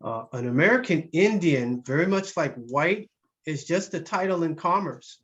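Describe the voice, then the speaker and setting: A man hosting a casual online Q and A, talking haltingly with many fillers. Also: a little high, animated, a bit bright, highs cut off. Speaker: host of online Q and A.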